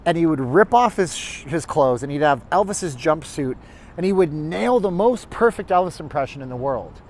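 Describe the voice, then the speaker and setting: This livestream host's voice is on the high side and a little mellow, with lively intonation and a normal speed. He strolls an outdoor city street, chatting and rambling with viewers, over slight background noise.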